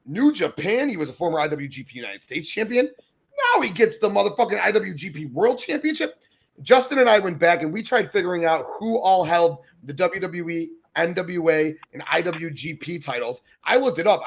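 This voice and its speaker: Gravelly man, excited and profane. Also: high-pitched. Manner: excited, profane, emphatic praise. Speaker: podcast co-host. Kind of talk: casual wrestling debate.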